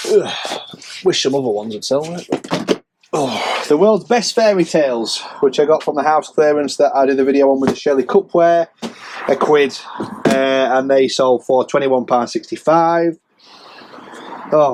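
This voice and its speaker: Male reseller, casual self-mocking ramble, mid pitch, faint background noise. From England. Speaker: reseller vlogger. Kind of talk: casual rambling sales update.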